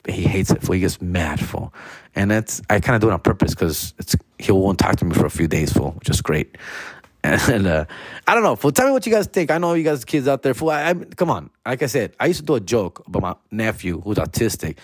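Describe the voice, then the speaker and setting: Slangy, laid-back comedian host. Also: male voice, lowish voice, big pitch swings, a little fast, husky, dry recording, clean studio sound. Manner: laid-back, slangy, drops "fool" and "dog" constantly; mixes in Spanish slang. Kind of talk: casual podcast monologue.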